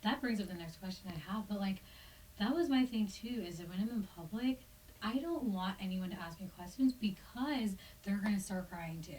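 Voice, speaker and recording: A woman hosting a podcast interview, speaking in a reflective way that often trails off into soft, near-whispered words. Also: medium pitch, animated, moderate pace. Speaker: podcast host. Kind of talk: casual interview chat. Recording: distant mic with faint hiss.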